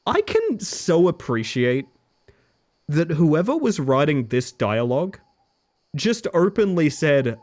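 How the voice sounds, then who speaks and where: A man streaming a video game live, reacting in an animated, sweary way and laughing often. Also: a little high, slow.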